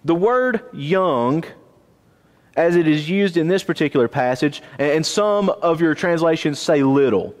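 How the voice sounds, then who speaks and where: Animated man teaching a church Bible class. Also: fairly high pitch, measured pace. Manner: animated, asks the class questions. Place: church auditorium. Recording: long reverb of a church auditorium.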